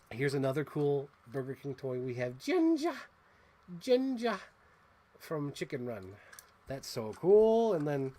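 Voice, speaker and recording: A chatty man hosting a casual unboxing video, quick to gush with excitement. His pitch moves in a lively, animated way as he talks. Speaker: host. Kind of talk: casual toy unboxing chat.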